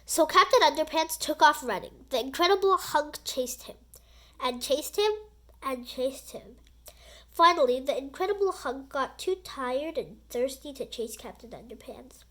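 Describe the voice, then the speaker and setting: A woman reading a children's book aloud in an animated, expressive storytelling voice. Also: high-pitched, moderate pace.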